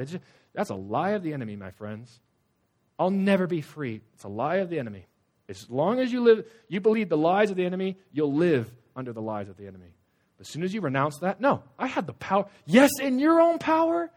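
A young man preaches to students. He is animated, punching some lines out loudly and dropping others to a hush. His voice sits a little high for a man. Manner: animated, swings between loud and hushed. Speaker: youth pastor. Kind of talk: sermon.

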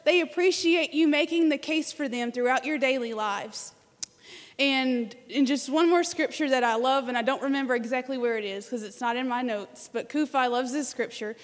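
A woman's voice: high voice, normal speed. A woman from Arkansas, a guest speaker in a church, telling an earnest story and leading prayer. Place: church sanctuary. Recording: church hall reverb.

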